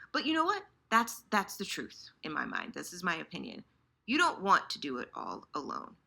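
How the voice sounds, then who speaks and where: A woman talking to her viewers in a loose, chatty way, and she keeps slipping into the inner voices she imagines they have. Her pitch leaps all over, and her tone is bright and clear. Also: normal speed. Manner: animated, acts out inner voices, lots of restarts. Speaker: host. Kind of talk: casual chat about fandom.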